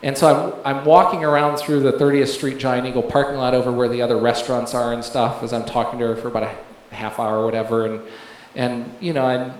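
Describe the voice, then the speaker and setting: A man's voice: medium pitch, flat delivery, a little fast, few pauses. A man giving a rambling testimony in a sermon, with many fillers and restarts, often laughing as he tells it. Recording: very echoey room, faint background noise.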